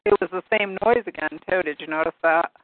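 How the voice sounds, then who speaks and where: A woman's voice: on the low side, a little fast, no room sound. A woman hosting a call-in show, chatting casually and telling a rambling, amused story. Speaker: radio call-in show host. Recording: tinny phone-line sound.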